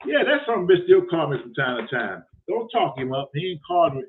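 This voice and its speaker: A man's voice: fairly high pitch, very animated, fast talker, slight background noise. A man hosting a show, telling a story casually with lots of profanity and acting out both sides of a conversation. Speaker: host. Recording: phone-like lo-fi audio.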